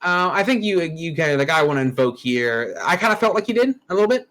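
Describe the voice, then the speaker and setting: Blunt, cursing game master, slightly high voice. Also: male voice, animated, fast, a bit bright, rough recording. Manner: casual, blunt, swears freely. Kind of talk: running a tabletop game, awarding XP.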